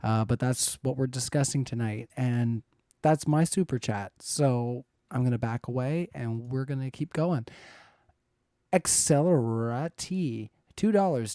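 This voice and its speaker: A man's voice: medium pitch, unhurried, warm tone, no echo, clean studio sound. A man moderating a live-streamed debate, reading donor comments aloud with chuckles and hesitant fillers.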